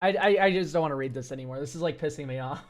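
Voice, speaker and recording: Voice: medium pitch, racing. A streamer who reviews viewer decks, talking casually to chat, ranting and swearing freely.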